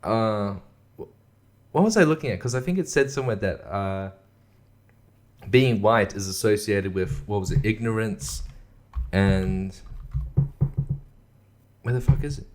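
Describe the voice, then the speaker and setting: A man's voice: fairly low pitch, unhurried, long pauses, darkish tone. A man hosting a casual solo show, sarcastic and mocking, swearing often and laughing at what he reads. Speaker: podcast host.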